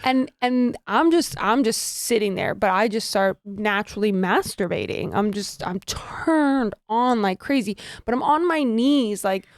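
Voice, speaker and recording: A woman co-hosting a candid, casual podcast chat, telling stories in an animated way, laughing often and filling with "like". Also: mid-range voice, unhurried, hardly any pauses, no echo, studio quality. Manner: giggly, animated storyteller with many fillers. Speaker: podcast co-host.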